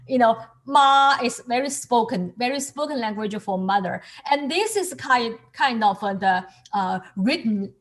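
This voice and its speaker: A woman teaching a student over a video call, explaining patiently and encouraging the student as she repeats each word. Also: on the high side. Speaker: calligraphy and Chinese teacher. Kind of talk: online lesson explaining to a student.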